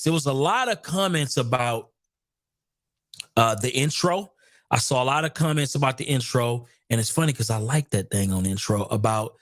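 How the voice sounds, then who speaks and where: A man's voice: mid-range voice, no room sound, studio quality. A man hosting a live sales competition stream, chatting energetically and often repeating himself. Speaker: host.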